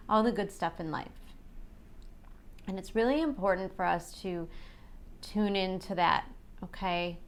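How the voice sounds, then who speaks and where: A woman's voice: medium pitch, clear, resonant tone. A woman reading tarot and astrology in a chatty, reassuring way, often checking in with her listeners. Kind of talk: casual astrology forecast.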